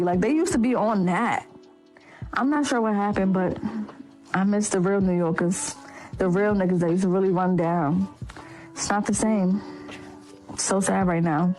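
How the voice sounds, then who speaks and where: A woman's voice: medium pitch, moderate pace, long pauses, dark tone, faint music behind, low-quality recording. A woman, talking casually and wistfully about dating. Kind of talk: casual monologue clip.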